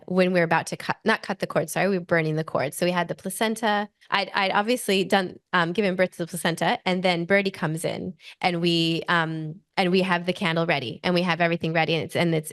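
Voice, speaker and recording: A woman in her forties with an Australian accent tells a personal story as a podcast guest. Her voice sits on the low side, and she talks in an animated, rushing way full of "like" fillers. The sound is dry and close, with no room around it. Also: no echo. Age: 40s.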